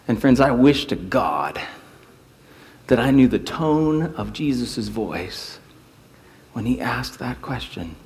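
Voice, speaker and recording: A man's voice: medium pitch, big-room sound. A man preaching a sermon, telling stories and acting out quotes. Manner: animated storytelling with acted quotes. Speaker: pastor.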